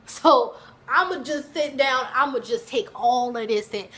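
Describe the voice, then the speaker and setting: A young woman telling a casual storytime to her viewers, chatty and animated, calling them y'all. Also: sits high, a little slow. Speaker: vlogger.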